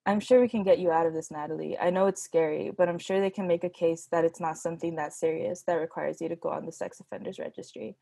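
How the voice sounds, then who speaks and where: A woman's voice: low voice, fairly even intonation, fast, gravelly, few pauses, warm tone, slightly rough, no echo, heavily acted. A woman reading aloud, voicing a supportive, reassuring young woman friend.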